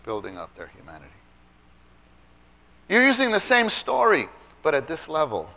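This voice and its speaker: This man's voice is slightly high with some vocal fry, and he talks at a normal speed. He's giving an animated Bible talk to church children's workers, repeating and stressing the main phrases.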